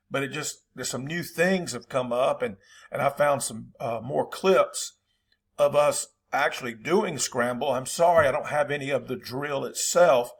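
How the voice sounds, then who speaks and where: A football coach with a Southern accent hosts his own channel, talking to viewers in a casual, folksy, rambling way. His voice is medium in pitch.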